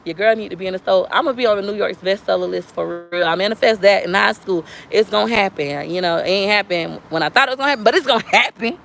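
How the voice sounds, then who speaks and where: Woman, casual livestream talk, gravelly, preachy and animated. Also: medium pitch, fast, few pauses, slight background noise. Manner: preachy, animated, talks straight to viewers. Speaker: livestream vlogger.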